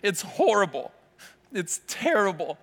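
A male pastor preaching a sermon, telling a vivid story with dramatic pauses. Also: sits high, sing-song, a bit bright. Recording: long hall reverb with faint music. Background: faint music.

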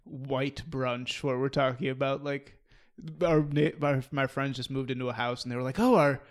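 A man's voice: mid-range voice, level tone, normal speed. A man telling a long story in casual chat, rambling and swearing, restarting his sentences often. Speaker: storyteller in a conversation.

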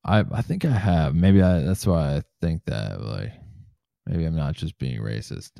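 A man hosting a casual comedy podcast, swearing freely and reading news quotes aloud in a relaxed, joking way. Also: a bass voice, measured pace, creaky, no echo, clean studio sound. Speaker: podcast host.

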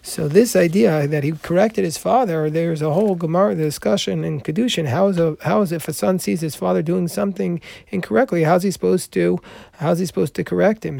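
A man's voice: high voice, gravelly, a little mellow, no room sound. A man teaching a Talmud class, reading Aramaic passages aloud and explaining them in English with frequent restarts.

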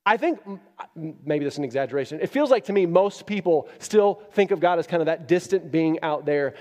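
A man's voice: lively intonation, a little fast. Impassioned male pastor in an echoey hall. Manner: impassioned, swings from loud emphatic peaks to quiet low stretches. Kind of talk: sermon. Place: church.

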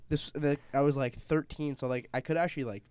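A man's voice: fairly high pitch, fairly even intonation, brisk, darkish tone, clear, resonant tone, no room sound. A young man with a Canadian accent, co-hosting a podcast and telling stories loosely, swearing and saying "like" a lot. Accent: Canadian English. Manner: loose, swearing storyteller, lots of "like". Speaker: podcast co-host. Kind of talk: casual chat.

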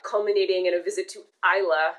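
Chatty woman telling an animated story. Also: lowish voice, rough recording. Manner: animated, swears casually, fast bursts. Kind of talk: casual storytelling.

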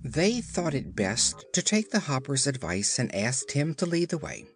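A man's voice: mid-range voice, sing-song, a little slow, soft background music. A man reading a children's storybook aloud as narrator. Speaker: audiobook narrator. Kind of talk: scripted narration.

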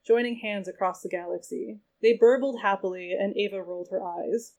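Talking a little fast and pausing only rarely, a woman with a mid-range voice reads from her novella expressively. She is the book's author, chatting casually on a video call and laughing readily between passages.

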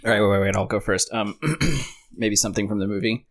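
A man hosting a casual movie podcast, sharing trivia in a relaxed, joking way. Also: lowish voice, fairly quick. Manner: relaxed, shares trivia, jokes around. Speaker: podcast host.

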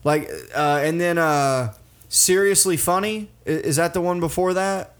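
Casual male podcast host, slightly high voice. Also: a little slow, smooth. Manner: conversational, swears, encouraging.

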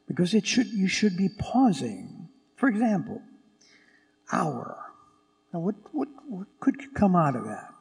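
Man, priest, unhurried homily, lively rising and falling pitch, long church echo. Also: creaky. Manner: slow, conversational preaching with frequent restarts.

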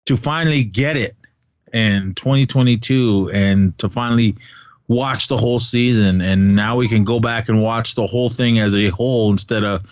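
A man's voice: on the low side, normal speed, no echo. Enthusiastic rambling man, dull dry sound. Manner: enthusiastic, rambling with many fillers. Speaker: podcast co-host. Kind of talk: casual fan chat.

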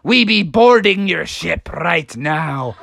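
A gruff pirate captain who is a moose, growling his threats in old sea-dog slang, as a woman acts him out. Her voice drops low and rough for this storybook villain. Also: lively intonation, takes it slowly, fairly bright tone, heavily acted. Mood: menacing.

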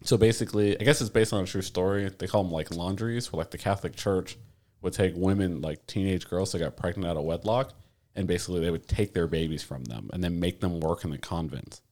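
Man, podcast co-host, casual rambling chat, low voice, quick delivery, full of fillers and swearing. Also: dark tone. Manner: rambling, filler-heavy, profane.

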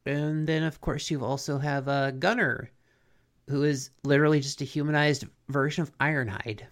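A podcast co-host casually recapping a cartoon episode in a relaxed, rambling way, leaning on "like" and "basically". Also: medium pitch, normal speed.

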